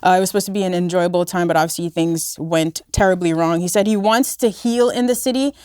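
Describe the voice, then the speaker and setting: A woman co-hosts a loose panel chat, running through news recaps at a quick clip. Her voice is on the low side for a woman, and the studio sound is dry and close. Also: darkish tone, clear, resonant tone, dry recording. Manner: brisk, recaps news to the group. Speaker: podcast co-host.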